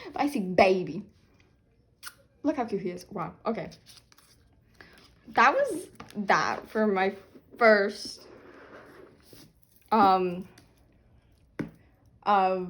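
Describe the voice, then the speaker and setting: A young woman chatting casually while unboxing albums, excitable and quick to squeal and laugh. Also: mid-range voice.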